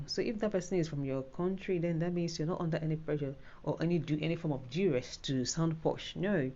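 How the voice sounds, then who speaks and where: A woman's voice: deep voice, warm tone, muffled recording. A Nigerian woman giving a casual, rambling spoken tutorial on an exam, full of fillers and restarts. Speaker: IELTS tutor.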